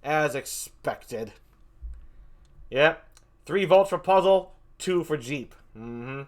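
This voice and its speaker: A man hosting a live stream game show, theatrical and excitable, calling out vote counts like an auctioneer. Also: on the high side, slow. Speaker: stream host.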